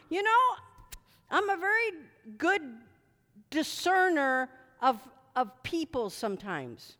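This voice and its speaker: A woman preaches a sermon with a high voice that leaps around her range. She is bright and unhurried, shouting at times and chatting through stories at others. Her voice rings out in a hall with a long echo. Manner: animated, shouting commands at spirits, then chatty storytelling with asides. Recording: reverberant hall.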